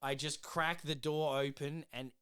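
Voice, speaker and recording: A man's voice: a little high, steady tone, measured pace, a bit bright, clean tone. An Australian man retelling in character a male worker's spider scare, swearing and spooked. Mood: flustered.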